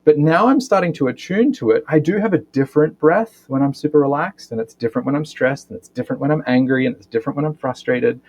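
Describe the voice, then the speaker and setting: A man's voice: fairly high pitch, fast, hardly any pauses. A man, a physiotherapist and breathwork educator, explaining things in a podcast interview, often ending points with a questioning "right?". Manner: animated explainer, frequent tag questions.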